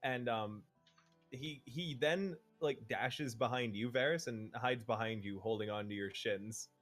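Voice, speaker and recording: A man's voice: mid-range voice, a little slow, fairly bright tone, soft background music. A man narrating as game master for a tabletop game, playfully voicing the characters.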